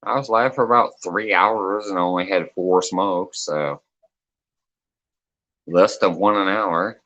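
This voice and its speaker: Man, deep voice, unhurried, joking and swearing, livestream host, dull lo-fi audio. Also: fairly bright tone. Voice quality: laughs often, reads chat comments aloud. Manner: loose, joking, swears freely. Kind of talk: casual late-night livestream chat.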